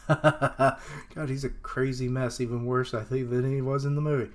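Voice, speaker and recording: A man's voice: mid-range voice, steady tone. A man reading a comic aloud on a live stream, reacting and joking between panels and slipping into character voices. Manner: slow, chatty, slips into character voices and laughs at himself. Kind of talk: live comic read-along with commentary.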